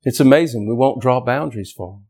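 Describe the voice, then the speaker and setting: Speaking quickly at a medium pitch, a man preaches with real passion. His sermon is forceful and repetitive, rising nearly to shouting whenever he hits an important point.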